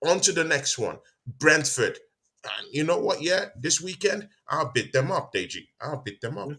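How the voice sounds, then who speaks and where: A man's voice: fairly high pitch, sing-song, normal speed, sharp tone. A male show host in a heated casual football debate, arguing hard and repeating himself to press his point. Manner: argumentative, keeps repeating "see, Deji".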